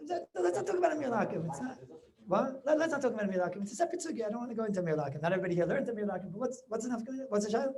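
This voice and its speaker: A man's voice: sits high, animated, a little mellow. A man, a rabbi, giving a Talmud lecture over a video call, often restarting his words and checking whether listeners follow. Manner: keeps checking listeners with quick questions; repeats words and restarts as he goes. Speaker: rabbi teaching a class.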